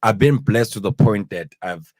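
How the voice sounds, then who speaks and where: A man chatting casually as a podcast host, explaining his ideas in an earnest, halting way with lots of fillers and restarts. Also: on the low side, a little mellow, dry recording. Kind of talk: casual chat.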